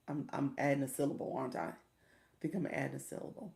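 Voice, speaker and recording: A deep-voiced, heavily gravelly woman in middle age talks through a casual livestream. She coaches her viewers in an encouraging way, punctuating points with a quick "okay?", and greets newcomers warmly by name. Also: fairly even intonation. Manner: chatty, greets viewers by name, stumbles over pronunciations.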